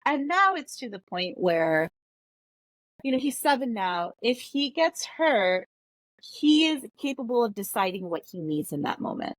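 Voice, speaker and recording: A woman's voice: a little high, big pitch swings, a little slow, dry recording. Blunt, candid woman on a podcast. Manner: candid, blunt, quotes her kids in dialogue. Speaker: podcast guest. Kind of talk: casual podcast conversation.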